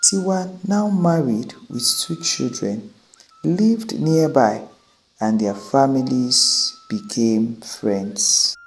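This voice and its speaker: A woman narrating a folk tale as a storyteller, in a dramatic, deliberate manner. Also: rumbling low, poor audio.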